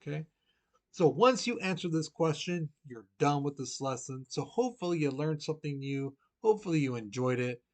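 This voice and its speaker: A man's voice: fairly high pitch, animated, normal speed. A man teaching a recorded history lesson in a casual, chatty way, full of "you know" and direct questions to his students.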